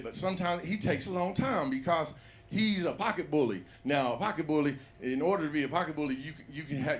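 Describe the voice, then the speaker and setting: A man's voice: fairly high pitch, a little hiss or hum. Rambling profane man on stage. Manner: rambling, profane storytelling with laughs. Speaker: stand-up comedian. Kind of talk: open mic stand-up set. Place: comedy bar stage.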